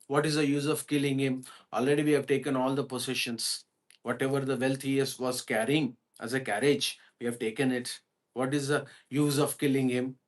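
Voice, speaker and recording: A man voicing a robber who calmly argues against killing their captive. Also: mid-range voice, moderate pace, close to an everyday voice. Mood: pleading. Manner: pleading, reasoning. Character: male robber, calm, talks others out of killing.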